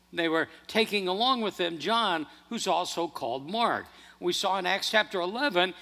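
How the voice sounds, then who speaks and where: Male pastor, sermon, high bright voice, animated delivery, reverberant church hall. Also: creaky. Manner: animated, earnest preaching with restarts.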